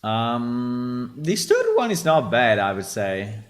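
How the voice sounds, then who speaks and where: A man's voice: medium pitch, wildly swooping pitch, takes it slowly. A man with an Italian accent, hosting a developer stream and bluntly critiquing test voices. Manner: blunt, critiques and swears freely. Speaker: game developer host. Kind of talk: casual livestream commentary.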